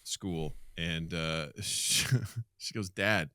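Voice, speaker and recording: A man's voice: low-pitched, extremely slow, clear, resonant tone, no room sound. A man in his thirties co-hosting a casual podcast, telling stories and acting out the people he quotes. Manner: animated storyteller, acts out quotes. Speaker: podcast co-host. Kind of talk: casual chat.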